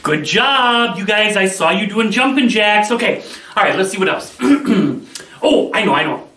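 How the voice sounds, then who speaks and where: A man leads a children's Bible lesson with lively, swooping pitch and a bright, forceful tone. He sounds upbeat and playful as he calls out game commands. The voice sits back from the mic in a roomy, echoing space. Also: moderate pace. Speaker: children's ministry teacher. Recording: echoey room, voice from a distance.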